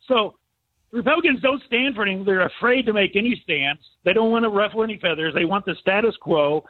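An exasperated man talks over a tinny phone line, his voice high and husky. He circles back over the same complaints in a casual call-in chat, the sound dry and close. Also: brisk, no echo.

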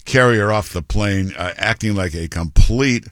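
Deep voiced radio guy ranting, lots of uhs, dry close mic. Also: moderate pace, a bit bright, dry recording. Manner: blunt, mocking, many fillers. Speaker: radio show host. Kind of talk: talk radio commentary.

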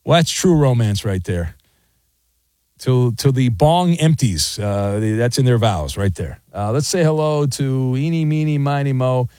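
A man's voice: mid-range voice, expressive, measured pace, dark tone, no room sound. A male radio talk show host, sarcastic and joking while taking calls in a studio. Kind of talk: casual sports talk radio.

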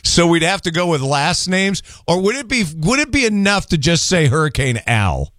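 A man hosting a call-in radio show, chatting and joking with callers in a relaxed, drawn-out way. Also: high voice, dry recording, studio quality. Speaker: radio talk show host. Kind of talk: casual call-in talk.

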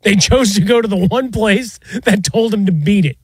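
A man with a high voice trades wry, teasing remarks in casual sports banter. His voice is dry and close to the mic. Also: moderate pace, husky, no echo. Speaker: sports show co-host.

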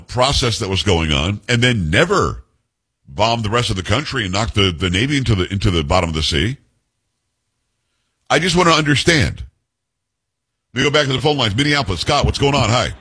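A male talk radio host taking calls and telling stories in a blunt, forceful way. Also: mid-range voice, breathy edge. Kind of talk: opinionated call-in talk radio.

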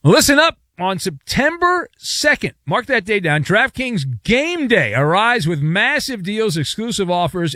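A man hosting a sports radio show, giving animated takes and reading an ad with emphatic, sometimes yelled delivery. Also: high-pitched, no echo, studio quality. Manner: animated, emphatic, yelling at times. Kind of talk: sports talk and live ad read.

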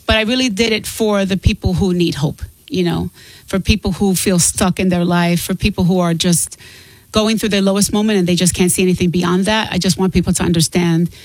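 A middle-aged woman speaking candidly and earnestly as an interview guest, quick to laugh. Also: on the low side, steady tone, darkish tone, dry recording, rough recording. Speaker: guest author and singer. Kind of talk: casual interview talk.

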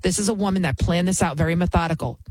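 Emphatic husky-voiced woman host. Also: lowish voice, fast talker, a little mellow, no room sound, poor audio. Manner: emphatic, repeats key phrases. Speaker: talk show host. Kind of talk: opinionated commentary.

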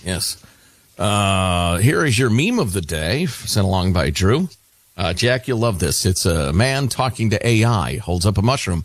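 A middle-aged man hosts a radio talk show, working through listener mail with quick, wry commentary. His voice is a bit husky and moves around a lot in pitch. The sound is dry and close. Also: expressive, dry recording. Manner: wry, quick, reads emails aloud with asides.

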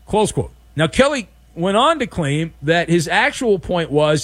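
Man, sports talk host, sarcastic opinion monologue, dry close sound, lively voice. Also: high voice, unhurried, few pauses, no echo. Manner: animated, sarcastic, acts out mock dialogue.

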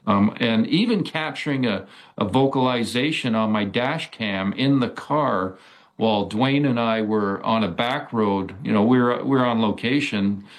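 Male guest, lower pitch, halting delivery with frequent fillers, casual storytelling. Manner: hesitant, many fillers and restarts. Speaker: guest describing encounters. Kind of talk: casual interview talk.

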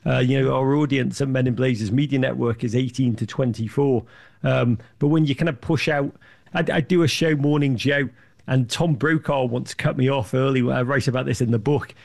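A man, an interview guest, telling lively anecdotes with lots of restarts and fillers. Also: medium pitch, vocal fry. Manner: enthusiastic storyteller, quick restarts and fillers. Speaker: interview guest, sports media founder. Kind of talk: animated anecdotal interview talk.

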